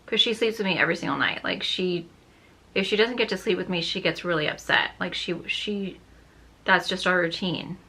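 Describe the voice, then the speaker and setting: A beauty vlogger in her thirties tells a rambling story as she does her makeup, saying "like" constantly and sometimes dropping to a near whisper. Her voice is lowish, husky, pushed and bright, at normal speed.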